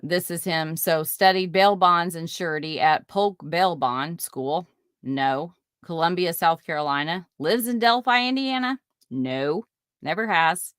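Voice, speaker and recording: A woman's voice: lowish voice, measured pace, fairly bright tone, clear, resonant tone, no echo, studio quality. A woman hosting a casual live stream, reading viewer comments aloud and reacting with outrage and apologies. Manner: chatty, reads viewer comments aloud, indignant. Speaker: podcast host.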